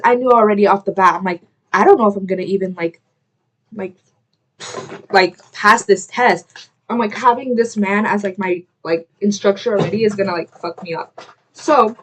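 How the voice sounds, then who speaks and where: A woman's voice: mid-range voice, a little hiss or hum. A young woman telling a story while getting ready at home, rambling with lots of "like" and breaking off to apologize. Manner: rambling, heavy use of "like", self-interrupting; quick to apologize, chatty asides to camera. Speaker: vlogger.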